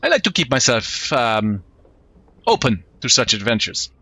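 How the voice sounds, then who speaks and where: A man's voice: mid-range voice, very animated, normal speed, sharp tone, slightly rough, no room sound, exaggerated voice. A man voicing a flamboyant male mercenary sailor with a put-on French accent, boastful and full of hesitations.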